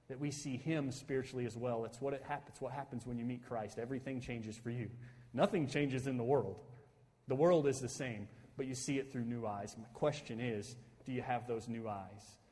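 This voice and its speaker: A man preaching a sermon as pastor, building to excited, emphatic bursts and tagging points with "right?". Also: medium pitch, big-room sound. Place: church sanctuary.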